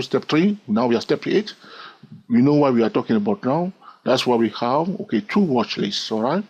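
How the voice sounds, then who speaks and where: A man teaching a trading lesson, animated and asking the listener rhetorical questions. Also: medium pitch, husky. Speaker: trading educator. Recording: dull lo-fi audio.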